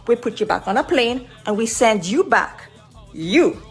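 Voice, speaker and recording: A woman's voice: fairly high pitch, expressive, unhurried, husky, faint music behind. A woman delivering emphatic, scolding commentary straight to her viewers. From Jamaica. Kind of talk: direct-to-camera commentary.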